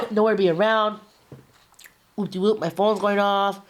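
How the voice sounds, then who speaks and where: A woman's voice: mid-range voice, wildly swooping pitch, a little slow. A woman, telling a personal story as a guest in a casual, streetwise way with slang and swearing.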